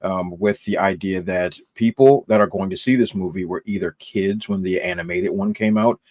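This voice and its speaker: A man on a casual panel chat, giving opinions and dropping his voice low at the ends of remarks. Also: moderate pace, a little mellow, no room sound.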